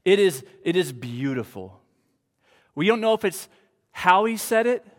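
Male pastor, high-pitched, slow earnest sermon delivery, long hall reverb. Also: very animated. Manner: earnest, slow preaching with emphatic pauses.

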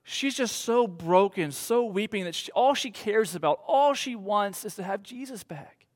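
A man preaching a sermon as pastor, in an earnest, slow style with emphatic pauses. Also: high voice, animated. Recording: long hall reverb.

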